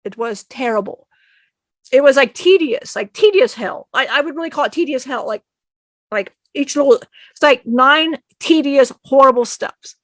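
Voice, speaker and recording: A woman's voice: high voice, expressive, moderate pace, no room sound. A woman channeling a spirit, telling an emotional personal story in a rambling way, often acting out what others said and laughing.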